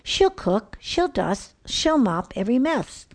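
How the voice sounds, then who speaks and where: A jolly, wise old Santa in a storybook rhyme, chuckling and knowing, rather than booming, as a woman reader plays him. The voice is gravelly and unhurried, drawn out slowly. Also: sing-song, full character voice. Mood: jovial. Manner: jovial, knowing.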